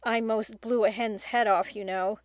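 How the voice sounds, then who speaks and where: A woman's voice: medium pitch, fairly even intonation, normal speed, dry recording, close to an everyday voice. A woman reading the part of a remorseful, earnest young boy in an audiobook, with only a slight lift of her voice.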